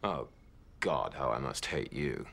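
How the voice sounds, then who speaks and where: A man's voice: a bass voice, lively intonation, measured pace, vocal fry, fairly bright tone, full character voice. An actor with an English accent playing a sardonic, sneering young Englishman in a TV drama. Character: sneering brash young Englishman, amnesiac vampire. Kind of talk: TV drama acting.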